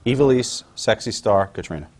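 A man's voice: lowish voice, lively intonation, normal speed, a little mellow, slight background noise. A man hosting an interview and reading out fan questions in a wry, teasing way. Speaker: interviewer host.

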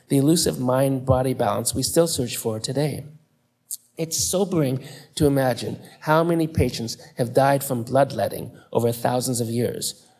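A man giving a public lecture, reading in a measured, deliberate way with dramatic pauses. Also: mid-range voice, creaky, darkish tone. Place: lecture hall.

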